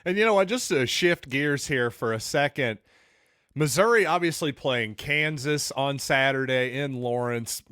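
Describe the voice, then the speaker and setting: A man's voice: mid-range voice, unhurried, a bit bright, smooth, no echo. A man hosting a solo sports podcast, talking in an opinionated, conversational and wry way.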